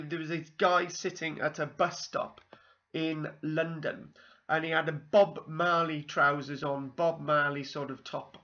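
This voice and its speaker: Bright-voiced Welsh man rambling on. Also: on the high side, lo-fi sound. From South Wales. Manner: meandering, full of ums and asides. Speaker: vlogger. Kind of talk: rambling personal anecdote.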